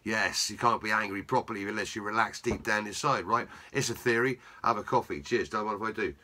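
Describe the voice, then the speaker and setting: A man's voice: fairly low pitch, fairly quick, sharp tone. A man chatting to camera about his painting in a jokey, rambling way. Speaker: punk musician talking about his painting. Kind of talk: casual chat to camera.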